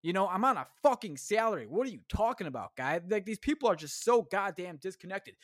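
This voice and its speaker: Profane ranting man, slightly high voice. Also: very animated, fast, hardly any pauses, no echo, studio quality. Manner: profane, swears constantly; rambling, self-interrupting. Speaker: podcast host. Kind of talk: casual solo rant.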